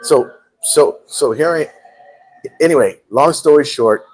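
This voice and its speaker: With a fairly high-pitched, darkish voice and a measured pace, a live talk show host shares a personal story in a casual way. He restarts frequently and performs the quoted lines.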